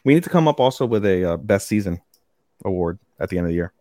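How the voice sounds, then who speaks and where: A man co-hosting a podcast in casual chat, excitable, swearing freely and filling with ums. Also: sits low, fast talker, no room sound, clean studio sound. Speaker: podcast co-host.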